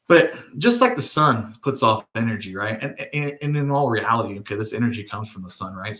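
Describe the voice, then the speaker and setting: A man's voice: medium pitch, fairly bright tone. A middle-aged man hosting a spiritual video, telling a story in a casual, digressive way and often checking in with "right?". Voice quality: frequent tag questions, digressive storytelling. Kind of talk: casual rambling monologue. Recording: roomy echo.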